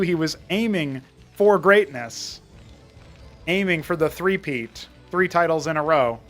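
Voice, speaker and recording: Chatty, excitable male tournament caster. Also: fairly high pitch. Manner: chatty, rambling asides, excitable during fights. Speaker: esports caster. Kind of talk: live tournament play-by-play commentary.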